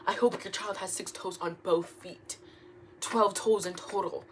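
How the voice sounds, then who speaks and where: A woman's voice: mid-range voice, measured pace, slight background noise. A young woman, reading online stories aloud at home in a casual way and breaking off to react with laughs and jokes. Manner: animated, laughing asides, trips over words. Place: room at home.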